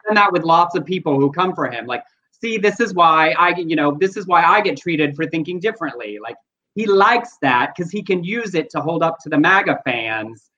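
A man's voice: a little high, expressive, moderate pace, pushed and bright. A man co-hosting a casual news chat show, explaining his views earnestly and at length. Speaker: podcast co-host. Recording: dull lo-fi sound.

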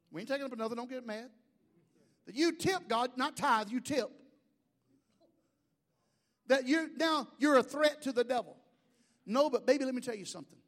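High-voiced preaching man, shouting and joking. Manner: swings from shouting to quiet asides, folksy humor. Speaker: pastor. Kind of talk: sermon.

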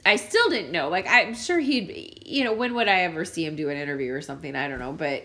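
An American woman co-hosting a podcast, chatting casually, swearing freely and leaping into high-pitched exclaims when retelling her reactions. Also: lively intonation, quick pace, pushed and bright. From United States. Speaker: podcast co-host. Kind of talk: casual chat.

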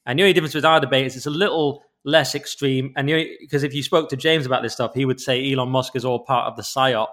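A man co-hosting a podcast in casual chat, chatty and quick, often repeating words as he goes. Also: medium pitch, steady tone, fairly bright tone. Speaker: podcast co-host, former comedian.

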